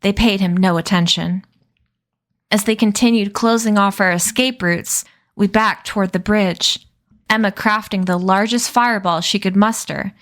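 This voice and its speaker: A woman's voice: mid-range voice, fairly bright tone. Woman narrating a novel aloud. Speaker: streamer reading a novel aloud. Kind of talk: expressive read-aloud narration.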